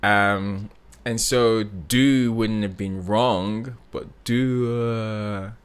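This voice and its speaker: A man reacting as a vocal coach, breaking down a singer's technique in a relaxed, analytical way full of "like" fillers. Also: on the low side, extremely slow, clean tone. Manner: analytical, with many "like" fillers, sings snippets to demonstrate. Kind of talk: reaction commentary.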